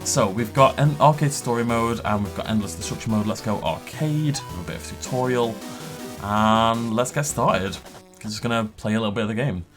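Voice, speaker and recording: A cheerful man narrating his first go at a game, cracking jokes and chuckling as he plays. His voice has a middle pitch. A game soundtrack plays faintly behind him. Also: normal speed, music in the background. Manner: upbeat, joking, chuckles often. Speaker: gaming channel host. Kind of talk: let's play commentary.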